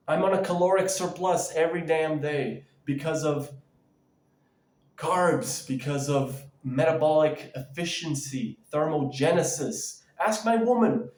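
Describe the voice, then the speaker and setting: A man's voice: a little high, a little slow, darkish tone. A man ranting casually in a vlog, rambling and emphatic, with lots of fillers and restarts. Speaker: vlogger. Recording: echoey room.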